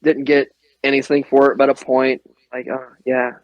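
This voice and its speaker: A man from the American Midwest, a guest on a podcast, telling animated airsoft stories in casual chat, swearing freely and laughing often. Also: medium pitch, moderate pace, no echo, lo-fi sound.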